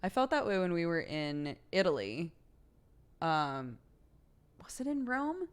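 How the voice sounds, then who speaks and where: A young woman talking casually with her stream late at night. Her voice sits a little low but swings widely in pitch. She laughs often and reads messages from chat aloud. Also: sing-song, measured pace, clean tone.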